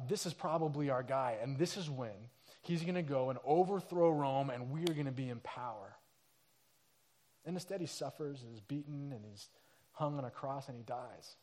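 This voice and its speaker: Animated, high-voiced man preaching a sermon. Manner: animated storytelling, acting out quoted people in funny voices; casual slang like dude and crazy. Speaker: pastor.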